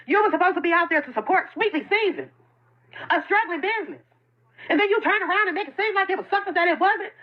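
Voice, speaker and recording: Speaking quickly in a very high voice with lively intonation, a woman who runs a food truck delivers a self-made, emotional video statement. She's impassioned and defensive and keeps repeating herself, and the phone recording sounds dull and lo-fi.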